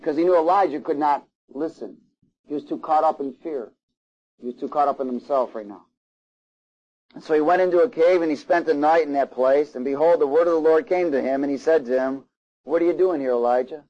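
A man delivers a sermon in a fairly high voice. He reads scripture aloud and breaks off for asides and questions to his listeners. The recording sounds a little dull and lo-fi. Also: brisk, a little mellow. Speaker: preacher.

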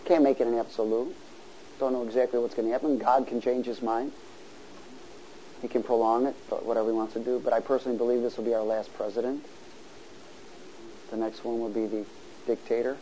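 A man preaching a sermon, asking the congregation to answer and building to loud exhortation. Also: medium pitch, slight background noise, low-quality recording. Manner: call-and-response, rising to loud exhortation.

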